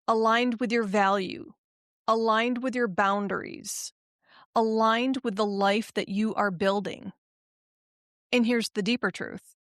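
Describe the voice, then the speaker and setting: A woman hosting a motivational podcast, speaking in an emphatic, affirming way that turns halting and emotional when she gets personal. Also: mid-range voice, fairly bright tone, dry recording, studio quality. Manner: slow, emphatic, affirming delivery. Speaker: podcast host and life coach.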